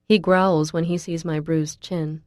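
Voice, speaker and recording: Woman reading audiobook, low mellow voice, dry close mic, gets pleading and emotional. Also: flat delivery, unhurried, dry recording. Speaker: audiobook narrator. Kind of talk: first-person audiobook narration.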